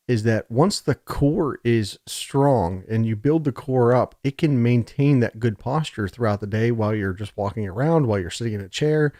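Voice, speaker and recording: A man's voice: medium pitch, dark tone, dry recording, clean studio sound. A man giving a casual, digressive recorded lecture, joking along the way, his throat a little scratchy. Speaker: college lecturer.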